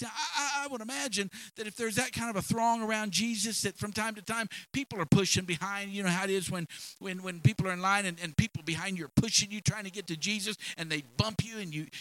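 A man preaching a sermon, impassioned and repetitive, building up to shouts. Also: high voice, no echo, rough recording.

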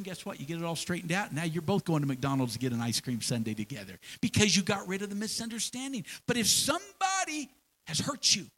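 Animated man preaching a folksy sermon. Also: sits high, poor audio. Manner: folksy, animated preaching with homespun examples and repeated phrases. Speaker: pastor.

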